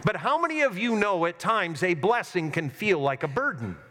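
A man's voice: high-pitched, very animated, moderate pace, sharp tone. A middle-aged man, a pastor, preaching a sermon in a church sanctuary, telling stories in an earnest way with self-mocking humor. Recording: long hall reverb.

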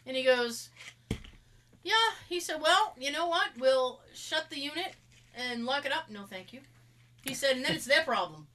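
Animated Massachusetts woman telling a story. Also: high voice, moderate pace, a little hiss or hum. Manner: animated storytelling with sound effects. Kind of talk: casual chat.

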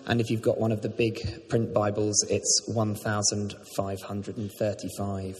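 A man reading scripture aloud in church in a measured, steady way, heard from some distance. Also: lowish voice, slight background noise. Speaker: scripture reader. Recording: echoey church, far from the mic.

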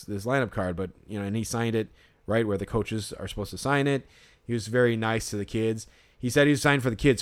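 A man co-hosts a casual podcast, spinning a long story in loose, rambling chat. He swears freely and leans on "like" in nearly every line. His voice is smooth and clean, set at an ordinary middle pitch. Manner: rambling, swears often, heavy use of "like". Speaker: podcast co-host.

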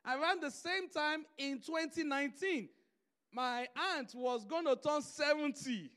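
A man's voice: very high-pitched, unhurried, bright, forceful tone. A man preaching a sermon, telling stories and driving his points home through emphatic repetition.

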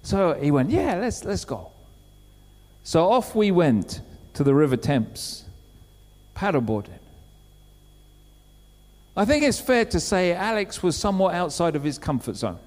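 A man preaching a sermon, telling a story with lively acted-out quotes. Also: high-pitched, a little slow, long pauses. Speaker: pastor. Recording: long hall reverb.

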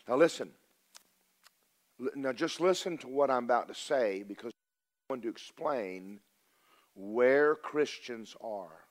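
A man's voice: medium pitch, lively intonation, unhurried, pauses often. An older man with a drawl delivers a homespun sermon from the pulpit. He tells his story plainly and shifts from ringing emphasis down to near-whispered asides. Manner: folksy and storytelling, swinging from loud to hushed. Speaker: preacher.

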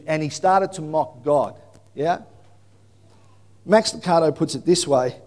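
A man preaching a sermon in an animated storytelling manner that bursts into shouting. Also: a little high. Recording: long hall reverb.

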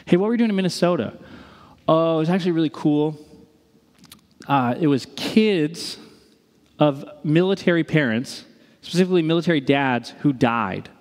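A man in his thirties, a pastor preaching a sermon, telling stories in an animated way and acting out the people in them. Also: on the high side, moderate pace, pauses often. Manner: animated storytelling with quoted voices. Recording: reverberant hall.

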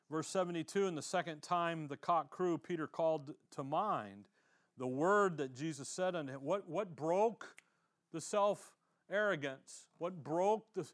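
A man with a slightly raised pitch leads a church Bible lesson. He talks in a plain, conversational way, reading the old scripture aloud and asking his listeners questions as he goes. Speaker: pastor. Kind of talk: verse-by-verse Bible teaching.

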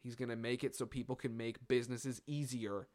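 A man's voice: medium pitch, steady tone, a little fast, darkish tone. A young man hosting a casual solo podcast, rambling and profane with lots of fillers and asides. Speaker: podcast host.

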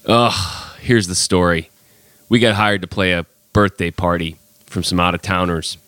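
A man's voice: deep voice, unhurried, fairly bright tone, dry recording. A man hosting a casual podcast, sick with a cold, telling his story in a chatty, exasperated way. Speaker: podcast host.

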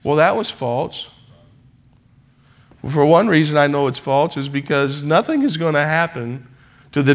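A man's voice: on the high side, fairly bright tone. A man preaching a sermon in church, building repeated refrains that rise into emphatic passages. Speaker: pastor.

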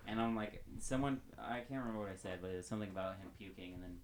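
A man's voice: on the low side, rapid-fire, slight background noise. A young man chatting casually on a podcast, reacting sheepishly to a story about himself. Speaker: podcast co-host. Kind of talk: casual chat.

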